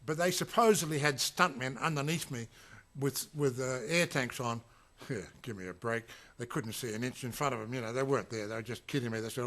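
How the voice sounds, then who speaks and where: Speaking briskly at a medium pitch, a man casually recalls a film shoot, full of fillers and false starts, and suddenly yells when he acts out what people said.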